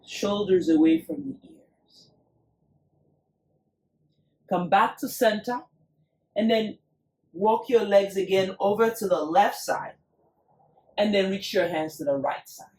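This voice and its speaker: A yoga instructor guiding a class with slow, soothing cues paced to the breath. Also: medium pitch, a little mellow, roomy sound, distant mic, rough recording.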